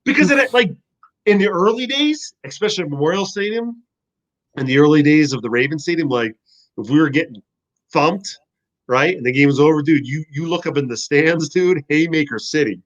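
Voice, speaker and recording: Animated, profane man telling stories. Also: on the high side, brisk, dull audio. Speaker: guest, former football player. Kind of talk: casual podcast chat.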